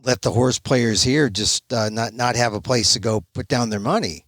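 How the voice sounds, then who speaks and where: A man hosting a podcast interview, posing questions in a halting way with restarts. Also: medium pitch, a bit bright, no echo. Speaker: podcast host.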